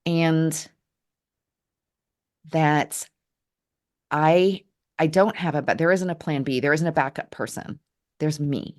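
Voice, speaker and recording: Woman, very low voice, earnest reflective storyteller, halting delivery. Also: darkish tone. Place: Portland area, Oregon.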